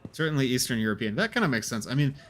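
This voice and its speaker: A man's voice: mid-range voice, sing-song, rapid-fire, a little hiss or hum. Man musing through a gameplay stream. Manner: rambling, hesitant, musing aloud. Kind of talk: casual gameplay commentary.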